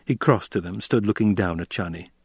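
A man narrating a novel in an even, measured storytelling manner. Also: low voice, breathy edge, dry recording, studio quality. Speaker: audiobook narrator. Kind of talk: scripted narration.

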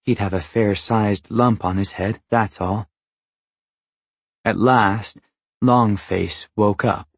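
Slow, husky low-voiced male narrator. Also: dry recording. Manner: measured, even storytelling. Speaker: audiobook narrator. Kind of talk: scripted narration.

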